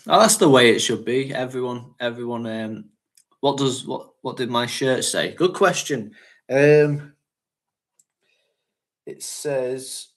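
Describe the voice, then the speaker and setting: This is a man, talking casually on a livestream. He rambles in a chatty way, laughs often, and sits at an ordinary middle pitch. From North West England. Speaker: fragrance channel host.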